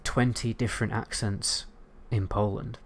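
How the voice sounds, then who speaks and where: British man, lowish voice, casual streamer who rambles and swears freely. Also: little pitch movement, a little slow. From United Kingdom. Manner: rambling and sweary, answering chat. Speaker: game streamer. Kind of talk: casual livestream chat.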